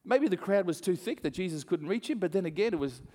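This pastor talks fast in a voice that sits high. His sermon turns into animated storytelling, full of acted-out voices and frequent laughter, all ringing through a hall with long reverb.

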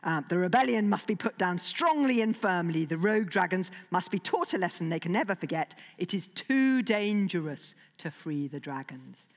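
A woman's voice: fairly low pitch, animated, moderate pace, hardly any pauses, voice pushed down. A woman voicing a stern, stubborn Viking chief who lectures his son firmly. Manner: firm, lecturing. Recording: long hall reverb.

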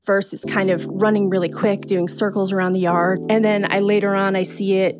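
A woman telling a true spooky story in the first person, in a relaxed, conversational way with casual fillers. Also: mid-range voice, a little fast.

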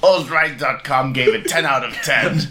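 A man's voice: medium pitch, moderate pace, sharp tone, a little hiss or hum. A man chatting wryly as a guest on a comedy podcast. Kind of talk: casual comedic chat.

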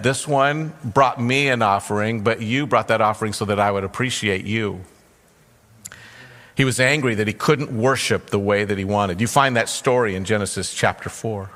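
A man's voice: on the low side, fairly bright tone, in a large hall. A man preaching a sermon as pastor, telling a parable and briefly voicing its characters. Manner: storytelling, briefly acting out characters' lines.

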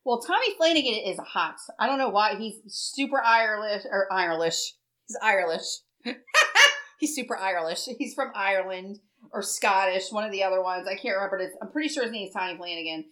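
A woman's voice: medium pitch, expressive, quick pace, a bit bright, low-quality recording. A woman co-hosting a casual chat show. She talks bluntly and swears freely. She rambles from one thought to the next. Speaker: podcast co-host.

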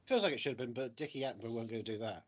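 A man's voice: medium pitch, racing, fairly bright tone. A British man teasing his co-host through a casual movie quiz, tossing out actor names. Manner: playful, teasing, rattles off names.

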